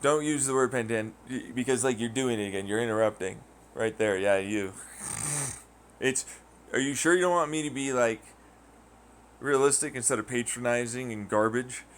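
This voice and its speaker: Swearing freely, this male podcast host rants casually and wanders through a tale, imitating quoted voices in a mocking way. He speaks at a normal speed in a medium-pitched voice, with a little hiss or hum in the recording.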